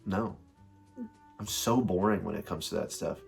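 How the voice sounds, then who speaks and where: A man's voice: deep voice, normal speed, gravelly, faint music behind. A young American man chatting casually with his wife, rambling and self-mocking with lots of fillers. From United States. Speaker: co-host, husband. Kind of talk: casual couple chat.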